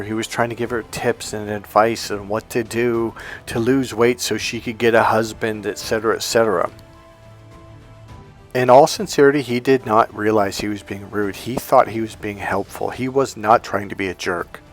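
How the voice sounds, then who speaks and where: A man coaching on dating, telling a story in an animated, emphatic casual monologue. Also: on the low side, moderate pace, soft background music.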